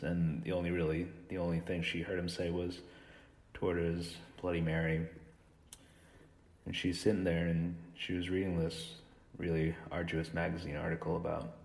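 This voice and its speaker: A man's voice: deep voice, gravelly, darkish tone, roomy sound. A man telling a strange story as a monologue, with a theatrical delivery.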